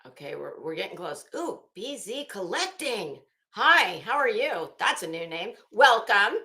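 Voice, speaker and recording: A middle-aged woman runs a casual livestream from her home office, rambling, reading viewer comments, and greeting people by name as a commentary host. Her medium-pitched voice is very animated and unhurried, with a pushed, bright quality.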